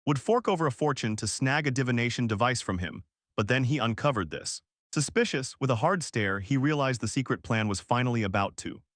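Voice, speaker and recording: Brief: male recap narrator, animated swings in pitch, dry close sound, slangy punchy delivery. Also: no echo. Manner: punchy, slangy retelling with quick restarts. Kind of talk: casual story recap narration.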